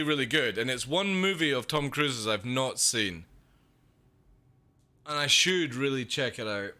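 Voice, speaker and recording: A man's voice: medium pitch, sharp tone. A young man from the UK chatting casually on a livestream, rambling, swearing and laughing as he reads chat. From United Kingdom. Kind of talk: casual stream chat, reading chat.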